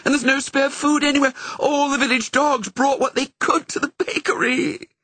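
A man voicing a young, hysterical female red setter dog in a storybook, high-pitched and wailing. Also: flat delivery, moderate pace, bright, forceful tone, dry recording.

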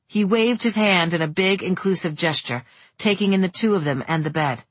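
A woman reading a novel aloud in steady audiobook narration. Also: fairly low pitch, normal speed, dry recording.

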